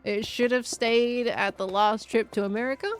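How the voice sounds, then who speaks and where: A young woman streams and chats in a loose, rambling way, answering her chat and laughing easily. Her voice sits a little high. Quiet music plays faintly under her talk. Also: fairly even intonation, normal speed. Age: 20s. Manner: rambling, chatty, laughs often, reads chat aloud. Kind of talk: casual live-stream chat.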